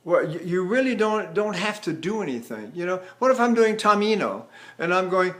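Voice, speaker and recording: Brief: older male tenor coach, high speaking voice, animated teaching, drops into song to demonstrate. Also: moderate pace. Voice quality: trained tenor voice. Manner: animated, breaks into sung phrases. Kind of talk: vocal lesson with sung demonstrations.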